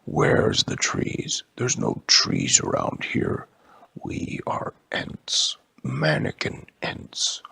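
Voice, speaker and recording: Brief: a man doing slow, gravelly tree folk, husky whisper, ponderous storybook giants. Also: medium pitch, huge pitch swings, sharp tone, no echo, full character voice. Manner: slow, drawn-out, mostly whispered. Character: slow, deep-talking male mannequin tree creatures.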